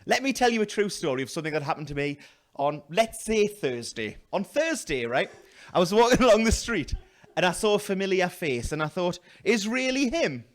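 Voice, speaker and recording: A man doing a stand-up comedy set in a small venue, telling a story loudly with put-on voices and self-mocking asides. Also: sits high, sing-song, a little fast.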